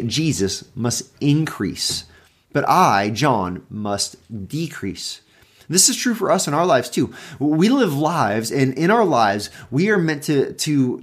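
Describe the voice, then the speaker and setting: Man, pastor, devotional teaching, lively rising and falling pitch, conversational, restarts and rephrases, mid-pitched. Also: breathy edge. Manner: conversational, with frequent restarts and emphatic paraphrase.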